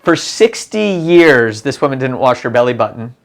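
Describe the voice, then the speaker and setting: A man's voice: mid-range voice, very animated. Guy dermatologist chatting casually, stumbles over words, laughs a lot. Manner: halting, restarts often, chuckling. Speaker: dermatologist co-host. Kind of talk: casual medical chat.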